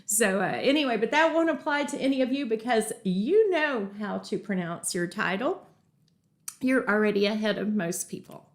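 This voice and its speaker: A woman's voice: medium pitch, expressive, normal speed. A middle-aged woman teaching a live real estate webinar, upbeat and chatty, greeting viewers from the chat and telling stories as she goes. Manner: chatty storytelling with asides.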